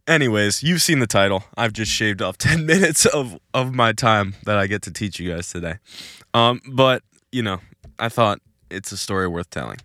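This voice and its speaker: A young man hosting a podcast, recording outdoors, telling a story in a casual and animated way and laughing between lines. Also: lowish voice, no echo, studio quality. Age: young adult. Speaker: podcast host. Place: outdoors in a cul-de-sac.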